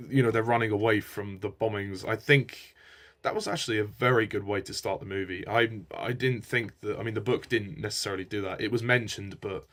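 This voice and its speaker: A man's voice: lowish voice, a bit bright. A man giving a casual spoken film review. He sounds enthusiastic and hesitant, and rambles.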